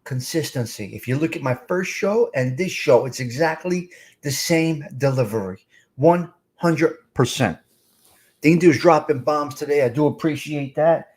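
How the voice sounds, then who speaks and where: A middle-aged man hosts a live stream in a blunt, streetwise way. His voice sits a little high for a man. He talks straight to his chat as if they were at the table with him. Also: unhurried, a little mellow. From North Jersey. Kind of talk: casual live chat reading comments.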